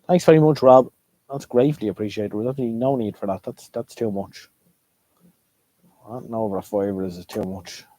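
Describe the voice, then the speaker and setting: A man's voice: on the low side, brisk, mellow. A middle-aged Irish man hosting a live stream and chatting casually, rambling and repeating himself as he goes. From Ireland.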